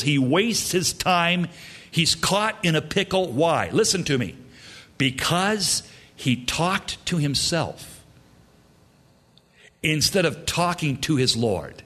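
A man's voice: fairly high pitch, fairly bright tone. A man preaching a sermon in an emphatic, repetitive way. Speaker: pastor.

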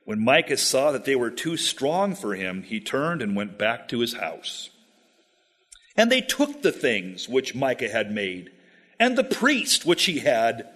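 A man's voice: medium pitch, big pitch swings, unhurried, a bit bright. A man preaching through scripture verse by verse and paraphrasing it in wry, casual terms. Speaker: pastor. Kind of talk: expository sermon.

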